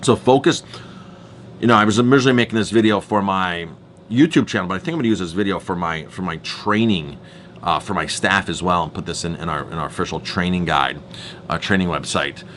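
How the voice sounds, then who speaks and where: Low-voiced man, earnest chef. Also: brisk, a bit bright, slight background noise. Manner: earnest, emphatic, repeats words as he goes. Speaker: chef and restaurant owner. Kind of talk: storytelling staff training talk.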